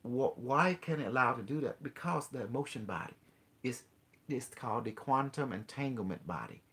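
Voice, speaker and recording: A man hosting a call-in show, earnestly explaining ideas in halting, non-native English, with many restarts and rhetorical questions. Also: medium pitch, animated, a bit bright. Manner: earnest explaining, mixes in quoted dialogue with a device. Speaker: host.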